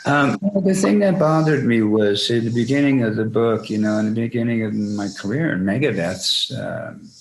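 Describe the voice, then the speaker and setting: A man's voice: mid-range voice, normal speed, hardly any pauses, slight background noise, low-quality recording. A man, a band frontman, telling rambling, salty anecdotes in an interview and acting out other people's voices. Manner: rambling anecdotes, acts out voices in quotes, swears freely. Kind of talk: casual storytelling interview.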